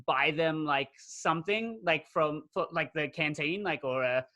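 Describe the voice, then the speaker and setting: A man hosting a casual fan podcast, talking in an animated, chatty way full of "like" fillers. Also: a little high, measured pace. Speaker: podcast host. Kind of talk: casual chat.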